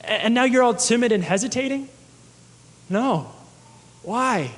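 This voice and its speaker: A man's voice: very high voice, lively intonation, unhurried, long reverb tail, pitched above the performer's own voice. A man voicing a disappointed master who reproaches a timid servant. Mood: reproachful.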